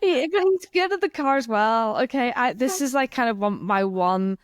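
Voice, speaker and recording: A woman's voice: on the high side, lively intonation, moderate pace, no room sound, clean studio sound. A woman co-hosting a casual podcast, chatty and playful, with plenty of "like" fillers. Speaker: podcast co-host.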